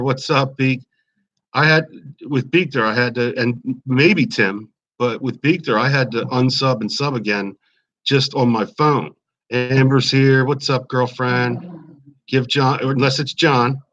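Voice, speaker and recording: A man's voice: medium pitch, a bit bright. Friendly Philly-man in his forties, hosting a loose live stream from home, chats to viewers by name; muffled lo-fi audio. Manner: friendly, rambling, greets chatters by name. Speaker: YouTube livestream host. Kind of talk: casual live-stream chat. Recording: slightly dull lo-fi stream audio.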